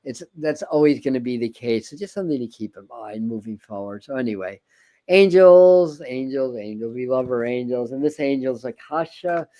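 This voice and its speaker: A man's voice: mid-range voice, a little fast, hardly any pauses, warm tone. A man hosting a tarot livestream in casual chat, rambling with many restarts and repeated words. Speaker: tarot reader and livestream host.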